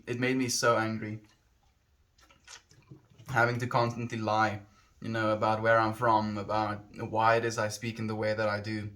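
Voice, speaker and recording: A man's voice: on the low side, fairly bright tone. A man from South Africa with a South African accent, chatting casually with his stream viewers in a rambling, reflective way that often corrects itself mid-sentence. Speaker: livestreamer.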